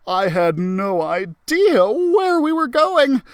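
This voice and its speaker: A man who works as a librarian, reading a children's story aloud in an expressive, animated way. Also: very high voice, takes it slowly, few pauses, no echo, studio quality.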